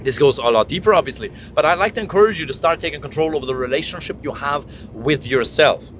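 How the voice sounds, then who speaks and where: A man's voice: on the high side, fast, fairly bright tone, slight background noise. A man coaching on dating in casual, emphatic talk from the back of a taxi, jumping into silly voices.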